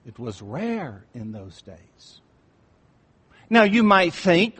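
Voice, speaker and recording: Man preaching a sermon, fairly high voice, long reverb all around, slow careful delivery that sinks quiet for emphasis. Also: sing-song, husky. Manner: slow and deliberate, dropping to near-whispers for emphasis. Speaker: pastor. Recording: long reverb in a large room.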